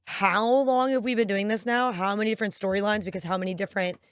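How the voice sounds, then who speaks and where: A woman co-hosting a movie podcast, chatting in a lively, animated way. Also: medium pitch, fast talker, clean tone, no echo, studio quality. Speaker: podcast co-host. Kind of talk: casual podcast chat.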